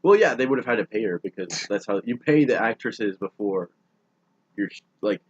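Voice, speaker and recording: A man's voice: lowish voice, animated, moderate pace. A young man in casual podcast chat, rambling and full of "like", on a close mic with dull, lo-fi sound. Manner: rambling, heavy use of "like". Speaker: podcast co-host.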